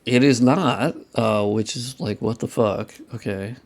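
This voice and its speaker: Young man, gravelly voice, casual stream chatter, profane muttering, self-deprecating. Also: medium pitch, measured pace, a little mellow. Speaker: modding streamer. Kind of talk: casual live-stream chat while working.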